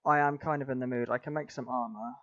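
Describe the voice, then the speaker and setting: A man grumbling through a game in casual commentary, deadpan and calling his friend mate. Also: medium pitch, quick pace. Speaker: gamer. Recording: dull lo-fi video audio.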